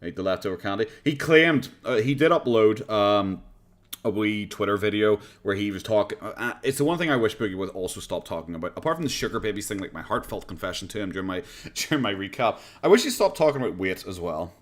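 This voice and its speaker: On the low side and expressive, this Irish man's voice moves quickly as he hosts a casual reaction livestream at home with pets nearby. Talking into a USB condenser desk mic, he rambles, laughs often and swears casually.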